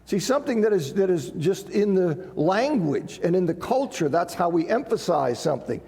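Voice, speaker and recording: A man's voice: high-pitched, very animated, moderate pace, creaky, a little mellow, in a large hall. A man teaching a Bible class in a conversational sermon style, checking in with the room and reading scripture quotes with rising emphasis.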